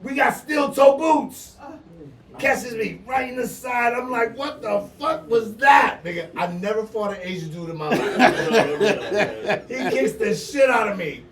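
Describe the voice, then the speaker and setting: A middle-aged man with an East Coast US accent, telling a rowdy story in loud, animated, profane bursts on a podcast. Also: sits high, unhurried, far from the mic, a crowd in the background. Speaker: podcast co-host. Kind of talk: casual storytelling. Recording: roomy sound from off-mic.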